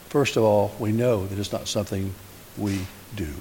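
A man's voice: on the low side, steady tone, normal speed, mellow. Male pastor, conversational questioning sermon, long hall reverb, faint hiss. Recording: hissy recording in a reverberant hall.

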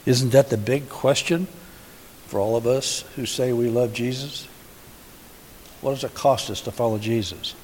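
A man's voice: mid-range voice, measured pace, pauses often, a little mellow. Male pastor, conversational questioning sermon, long hall reverb, faint hiss. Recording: hissy recording in a reverberant hall.

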